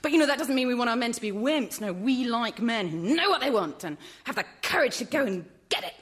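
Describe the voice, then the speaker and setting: A woman's voice: on the high side, expressive, a little fast, a bit bright, slightly rough. A fussy, wordy English woman. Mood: encouraging. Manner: fussy, over-formal phrasing with nervous restarts. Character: earnest, wordy, well-meaning woman minding a teen. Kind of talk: sitcom acting.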